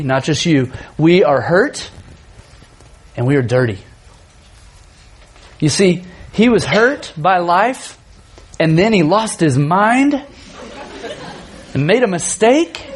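A man in his thirties, a youth pastor telling a funny family story in a sermon, animated and often laughing. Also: a little high, breathy edge.

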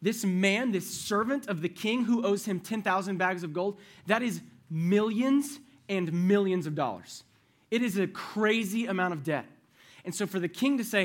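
A man's voice: sits high, lively intonation, normal speed. A young man preaching a sermon in a casual, conversational way, addressing his group directly and retelling a parable.

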